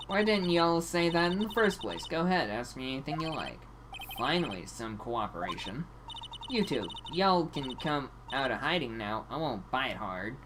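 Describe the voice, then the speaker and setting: Woman putting on a southern woman, heavy drawl, scolding, brash, lively pitch. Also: normal speed, noisy background. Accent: American Southern. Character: brash southern woman photographer, touchy and loud. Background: game music.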